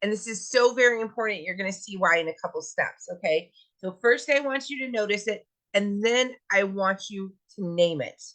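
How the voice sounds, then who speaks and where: Bright-voiced woman guiding a self-help lesson. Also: medium pitch, moderate pace, few pauses, low-quality recording. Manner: gentle, coaxing, asks many questions. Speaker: wellness teacher. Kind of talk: guided self-help talk.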